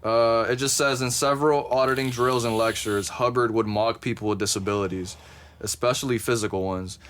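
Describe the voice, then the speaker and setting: A man's voice: medium pitch, steady tone, brisk, fairly bright tone, slight background noise. A man co-hosting a podcast in casual chat, cursing freely and reading quotes aloud with a laid-back, amused delivery. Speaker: podcast co-host.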